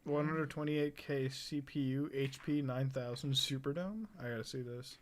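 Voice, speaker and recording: A man's voice: medium pitch, steady tone, normal speed. A young man live-streaming, casually reacting to a video and chatting to his viewers with plenty of swearing.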